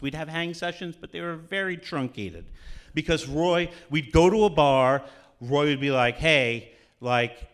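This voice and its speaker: A man's voice: medium pitch, fairly bright tone. A man telling a rambling, profane comic story live on stage, laughing as he goes. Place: on stage at a cultural center.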